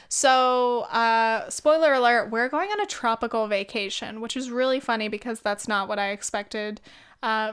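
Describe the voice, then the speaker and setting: A woman's voice: on the high side, a bit bright, clear, resonant tone. Rambling, swearing young Californian woman. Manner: rambling, swears freely, laughs often. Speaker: vlog host. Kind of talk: casual chat. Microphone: very close to the mic.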